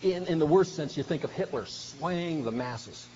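A man delivers a sermon in an earnest, emphatic way, pressing hard on his key points. His voice sits a little high. The recording is dull, with faint hiss underneath. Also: expressive, moderate pace, a little mellow. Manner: earnest, emphatic preaching that swells with feeling. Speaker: preacher.

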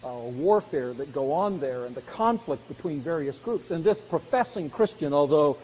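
A high-pitched man delivers a sermon in an earnest, pressing manner. His voice carries a long reverb through a big hall. The sound is muffled and lo-fi. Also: lively intonation, normal speed, darkish tone, a little hiss or hum. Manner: earnest, rising to emphatic exhortation. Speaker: preacher.

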